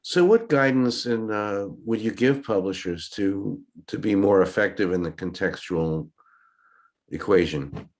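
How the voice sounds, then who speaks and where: Low-voiced male interviewer. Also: unhurried, darkish tone. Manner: brief, direct questions. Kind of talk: asking interview questions.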